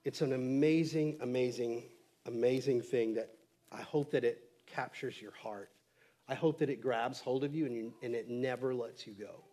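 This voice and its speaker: A man's voice: medium pitch, darkish tone. A male pastor preaching a sermon in a casual, conversational way, acting out quotes from the text with lots of fillers.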